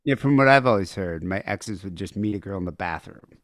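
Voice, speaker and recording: A man's voice: sits low, animated, a little fast, a bit bright, no room sound. An American man hosting a podcast in casual chat, talking in a rambling, offhand way. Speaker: podcast host.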